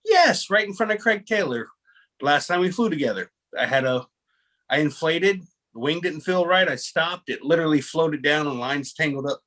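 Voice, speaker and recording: A man with a fairly high, expressive voice and fairly bright tone hosts a laid-back video call chat at normal speed. He rambles and restarts his stories often, poking fun at himself.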